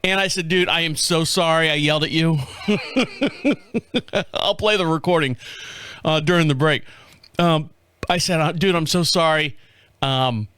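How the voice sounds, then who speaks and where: A middle-aged man hosts his own show with a fairly high voice for a man. He rambles through a story in a loose, profane way and laughs at his own blunders. The sound is dry and close, with no room behind him. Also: smooth, dry recording. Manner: animated, profane, laughs at himself. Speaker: podcast host. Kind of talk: casual storytelling monologue. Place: home studio.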